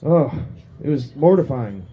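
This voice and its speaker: A man's voice: mid-range voice, lively intonation, a little slow, highs cut off, a little hiss or hum. A man doing a crude, self-mocking stand-up set on a small pub stage, laughing at his own jokes. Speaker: stand-up comedian.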